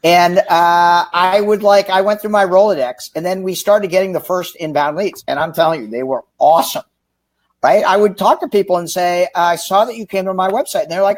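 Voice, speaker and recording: A man telling a lively, joking story in a livestream interview, acting out the people he quotes. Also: high-pitched, a little fast. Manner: animated, acts out quoted dialogue, jokey. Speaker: author and sales executive. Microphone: remote livestream call.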